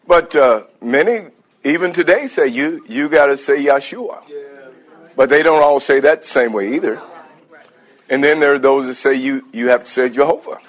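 A man's voice: fairly high pitch, low-quality recording. A man preaching a sermon, breaking off into praise and hallelujahs between points.

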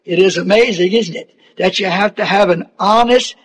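A man preaching a sermon, slow and deliberate, repeating phrases for emphasis and asking the congregation rhetorical questions. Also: sits high, husky.

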